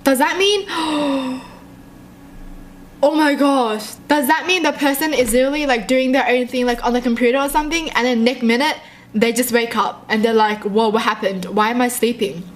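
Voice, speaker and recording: A young woman reading short horror stories aloud and reacting in a jumpy, excitable way, often laughing. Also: high voice, moderate pace, slight background noise.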